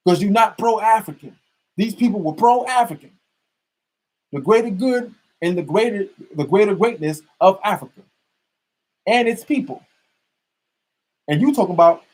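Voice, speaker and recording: Fiery, ranting man with a husky voice. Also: high-pitched, darkish tone, poor audio. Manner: fiery, preachy, profane, repetitive. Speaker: podcast host. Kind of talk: heated ranting monologue.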